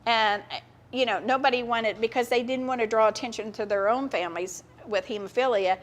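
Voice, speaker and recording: A woman's voice: a little high, fairly quick. An older American woman interviewed at a live event, telling a personal story earnestly, with frequent halts and restarts. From United States. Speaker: guest speaker. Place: event stage in front of an audience.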